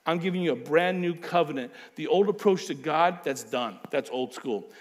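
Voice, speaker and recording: Man preaching, slightly high voice. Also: normal speed. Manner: emphatic preaching with repeated phrases and acted-out quotes. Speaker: pastor. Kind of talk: sermon.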